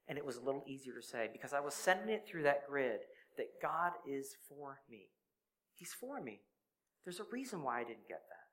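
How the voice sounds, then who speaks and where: A man's voice: on the high side, a bit bright, poor audio. Earnest man preaching with a sore throat. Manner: earnest, confessional storytelling. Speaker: church speaker. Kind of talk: personal testimony sermon.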